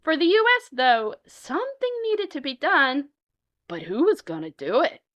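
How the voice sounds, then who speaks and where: A woman's voice: sits high, wildly swooping pitch, moderate pace, dull audio, heavy background noise. A woman telling a comic historical story as a storyteller, playfully switching into character voices.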